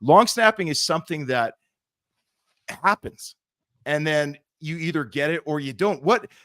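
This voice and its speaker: A man co-hosting a podcast, asking long setup questions in a relaxed, chatty way. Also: a little high, measured pace, dry recording, clean studio sound. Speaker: podcast co-host. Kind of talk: casual interview chat.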